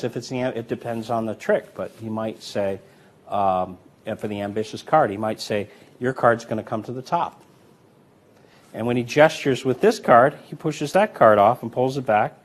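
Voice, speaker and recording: A man walks through card sleights step by step, talking as he handles the deck. His delivery is relaxed and explanatory, with a teacher's patience. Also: medium pitch. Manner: relaxed, explanatory, talks while demonstrating. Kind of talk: instructional demonstration.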